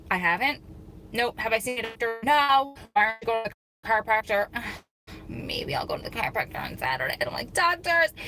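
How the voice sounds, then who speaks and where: Bright, chatty woman with a scratchy throat. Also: mid-range voice. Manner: greets viewers by name while chatting. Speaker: vlogger hosting a live stream. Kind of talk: casual live-stream chat. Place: parked car in a parking lot.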